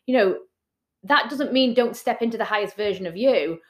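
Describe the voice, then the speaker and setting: A woman's voice: on the high side, animated, moderate pace. A woman co-hosting a business podcast in casual chat, earnest and encouraging, repeating points for emphasis. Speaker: podcast co-host, business coach.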